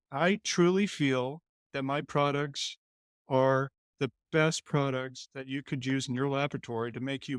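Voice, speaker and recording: A man from Colorado, a company CEO, telling a lively story as a guest in an interview and acting out the voices of the people in it. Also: mid-range voice, no room sound. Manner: animated, acts out quoted lines in other voices.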